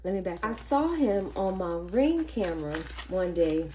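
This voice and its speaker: A woman vlogging casually, telling a chatty, animated story and counting money softly under her breath. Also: medium pitch, moderate pace. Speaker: budgeting vlogger. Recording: faint background noise and clicks.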